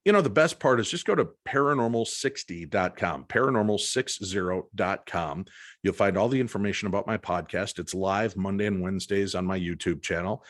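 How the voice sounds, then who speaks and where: Here a man with a low-sitting voice, a paranormal investigator, shares a story as a podcast guest. He performs the quotes with lively storyteller energy, captured in a dry, studio-quality recording.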